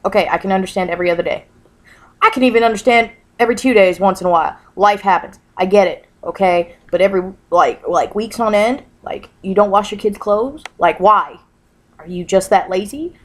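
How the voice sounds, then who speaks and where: A woman's voice: medium pitch, a little fast. Blunt, swearing woman on a vlog rant. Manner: blunt, swearing, emphatic repetition. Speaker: vlogger.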